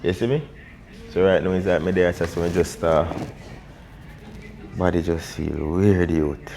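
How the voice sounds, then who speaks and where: A Jamaican man talks quietly and consolingly in heavy patois. His voice sits low and he keeps calling the listener "youth" and "bro". Faint background noise sits under the conversation. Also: steady tone, unhurried. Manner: soft, consoling patois, often ending lines with "youth" and "bro". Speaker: mourner. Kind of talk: consoling heart-to-heart chat.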